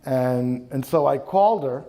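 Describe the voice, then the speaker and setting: A bishop in his fifties from the New York area, appearing as a guest speaker at a live talk event, tells wry personal stories to a young adult audience. His mid-range voice is animated, unhurried and dark-toned, with plenty of ums and uhs.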